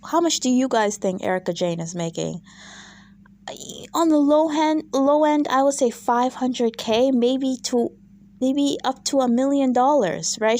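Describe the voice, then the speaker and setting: A woman's voice: on the high side, darkish tone. A woman vlogging a casual, opinionated recap of a reality show, chatty and exasperated, full of fillers and asides.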